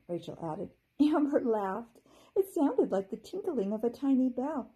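A woman teacher reads a children's storybook aloud in a gentle, expressive way. Her voice is very warm and mellow with a soft, breathy edge. Her pitch moves up and down freely as she tells the story. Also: unhurried, low-quality recording.

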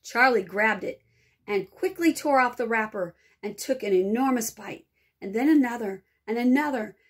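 Expressive woman teacher reading aloud. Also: on the high side, moderate pace, breathy edge.

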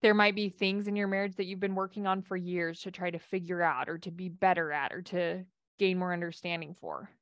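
A woman's voice: fairly low pitch, steady tone, brisk, fairly bright tone, no echo, studio quality. A woman life coach giving a casual coaching talk and answering audience questions, with a chatty delivery full of restarts.

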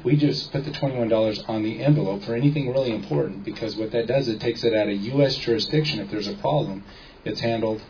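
A man's voice: medium pitch, warm tone, dull audio, slight background noise. A man giving an informal talk to a small audience, often checking in with listeners as he explains. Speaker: seminar speaker.

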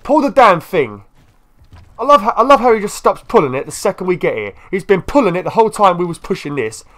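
Gamer guy doing let's play commentary, kinda high voice that bounces all over, fed up and cursing. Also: sing-song, fast, fairly bright tone. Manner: exasperated, swearing, scolding the game creature. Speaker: gaming YouTuber.

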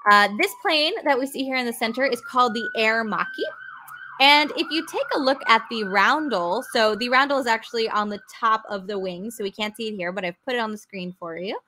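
Upbeat woman with a bright voice. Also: on the high side, brisk. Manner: upbeat, chatty, answers viewer comments. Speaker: museum educator. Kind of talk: live virtual museum tour. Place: aircraft museum hangar.

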